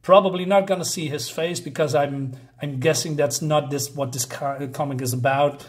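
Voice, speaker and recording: A man's voice: fairly high pitch, fairly even intonation, moderate pace. A man reviewing a comic in a casual, hesitant way with many fillers and restarts.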